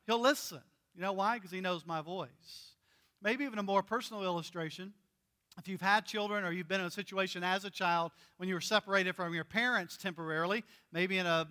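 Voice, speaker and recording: A man's voice: sits high, bright, forceful tone. A male pastor preaching a sermon, earnest and emphatic, stretching out key words for stress.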